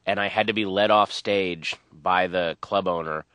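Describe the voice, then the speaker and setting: A man in his thirties, a stand-up comedian, rambling and animated as he tells stories in a radio interview. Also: low-pitched, moderate pace, no echo. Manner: rambling, animated storytelling with quoted voices.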